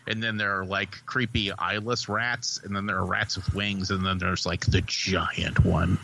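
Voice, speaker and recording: A man co-hosting a podcast, reviewing a movie in a rambling, profane, excitable way. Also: low-pitched, measured pace, gravelly, a little hiss or hum, rough recording. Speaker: podcast co-host. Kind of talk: casual movie review chat.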